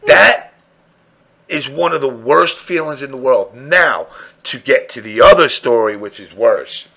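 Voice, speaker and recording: Casting: lively male podcast host, gravelly and bright, vulgar comic storyteller. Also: mid-range voice, unhurried. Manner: crude, animated, acts out dialogue. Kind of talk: comedic storytelling.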